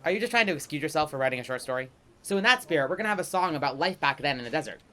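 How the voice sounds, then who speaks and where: A man performing a comedic pitch-meeting sketch, trading quick lines between two characters. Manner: rapid, animated back-and-forth between two characters.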